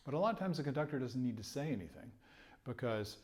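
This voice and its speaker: A man's voice: medium pitch, expressive, fast. A man teaching trumpet, patiently explaining rhythm and phrasing, now and then chuckling and singing rhythms aloud. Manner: chuckles between points. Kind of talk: music lesson explanation.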